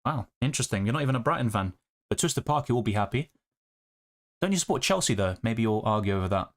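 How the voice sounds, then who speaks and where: A man's voice: mid-range voice, lively intonation, fast talker. A man, hosting a live stream and chatting through viewer questions and comments. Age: 20s. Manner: chatty, reads viewer comments aloud and answers them. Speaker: fantasy football streamer.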